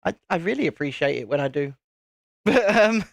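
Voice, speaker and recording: Man, live-stream host, chatty, laughs a lot, casual swearing, lively swooping voice, dry close sound. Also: fairly high pitch, moderate pace, gravelly, no room sound. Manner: chatty, laughs often, mild swearing, restarts. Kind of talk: casual live-stream chat while building.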